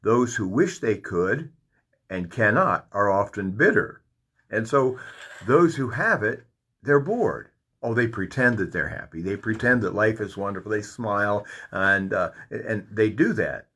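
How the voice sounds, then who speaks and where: A man teaching a Bible study, reading verses and then commenting on them in an animated, lively way. His voice is husky, with a mid pitch that swings widely up and down. He keeps an informal, folksy manner. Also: unhurried.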